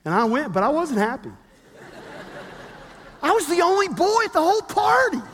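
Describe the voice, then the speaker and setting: A pastor in his fifties preaching a sermon with animated storytelling, acting out the quotes he tells. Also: very high voice, normal speed, long reverb tail, slight background noise.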